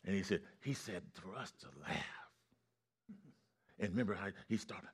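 A man preaching a sermon with call-and-response, his storytelling rising to loud excitement. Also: low voice, moderate pace, long pauses, breathy edge.

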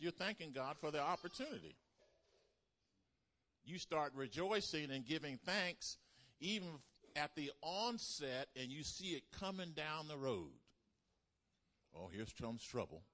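A man preaching a sermon as pastor, animated, calling the congregation to respond. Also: a little high.

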